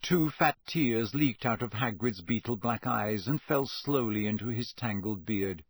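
A man's voice: fairly low pitch, unhurried, breathy edge, dry recording. A man narrating a storybook expressively, switching between character voices. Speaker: audiobook narrator.

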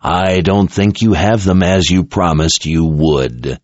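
A man voicing a threatening male emperor who speaks through a possessed young soldier, in a deep, gravelly voice. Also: a little mellow, dry recording. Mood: menacing. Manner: slow, threatening, enraged at times. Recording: dull lo-fi recording.

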